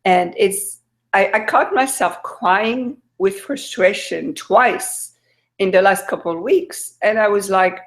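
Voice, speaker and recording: A woman's voice: medium pitch, takes it slowly. A woman from France with a French accent, hosting a casual video-call chat in a chatty, questioning way, often restarting her sentences. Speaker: host.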